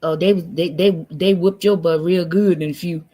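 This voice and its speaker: A woman's voice: fairly low pitch, fairly even intonation, moderate pace, background noise. A woman hosting a live stream, talking in a blunt, teasing, sassy way in casual commentary. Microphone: computer mic on a live stream.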